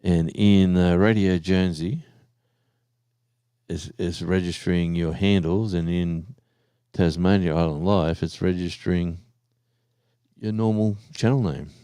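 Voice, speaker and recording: Deep-voiced Australian man streaming live. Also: fairly even intonation, a little slow, mellow, clear, resonant tone, no echo, clean studio sound. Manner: rambling, chatty, easygoing. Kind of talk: casual live stream chat.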